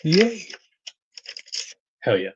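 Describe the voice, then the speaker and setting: A man's voice: on the high side, huge pitch swings, drawn-out words, highs cut off, background noise. A man hosting a casual live stream, greeting viewers by name, reading their comments aloud and laughing often. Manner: chatty, reads out viewer comments and greets them; laughs often between remarks.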